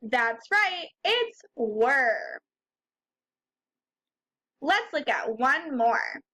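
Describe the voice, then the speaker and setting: A woman leads a reading lesson for young children in a high, bright voice. She speaks slowly and patiently, breaking words into single sounds and having the class repeat after her. Her tone stays encouraging throughout. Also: sing-song. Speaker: teacher.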